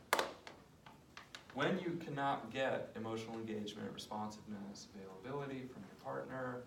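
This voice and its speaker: Man, gravelly voice, couples therapist, passionate explainer, echoey room, distant mic. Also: medium pitch, background noise. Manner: passionate, demonstrates with role-play. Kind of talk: explaining therapy method in an interview.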